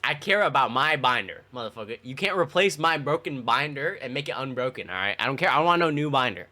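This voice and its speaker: A young man with a mid-range, expressive voice and a sharp tone talks fast. He's loosely recounting childhood stories to his stream chat, peppering them with swearing and lots of fillers.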